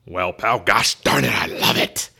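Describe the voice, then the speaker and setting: A man doing a comic impression of a gruff older male wrestling boss who talks loud and cackles. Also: fairly low pitch, measured pace, exaggerated voice. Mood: gleeful. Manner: loud, cackling, pleased with himself.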